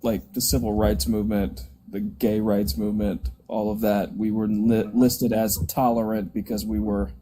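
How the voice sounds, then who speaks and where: A panelist in a casual livestream chat, trading quick, dry jokes. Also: mid-range voice, flat delivery, mellow, breathy edge.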